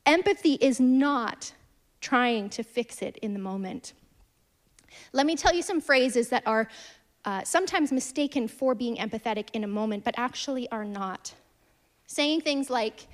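A woman's voice: a little high, normal speed. Earnest woman preaching with a raised voice. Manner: earnest storytelling, dynamic shifts from emphatic to hushed. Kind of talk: sermon.

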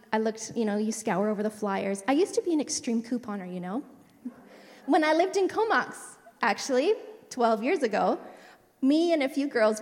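A woman telling a personal faith testimony from a church stage, chatty and prone to side stories. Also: a little high. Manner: chatty, digressive, warm storytelling with asides. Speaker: church speaker sharing a testimony. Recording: long reverb of a large hall.

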